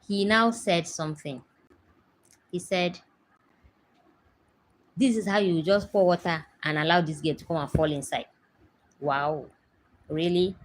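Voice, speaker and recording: Brief: Nigerian woman in her thirties, low voice, chatty home-stream host, faint hiss behind. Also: poor audio. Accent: Nigerian English. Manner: chatty storytelling, emphatic asides to viewers. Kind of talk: casual chat to a live audience.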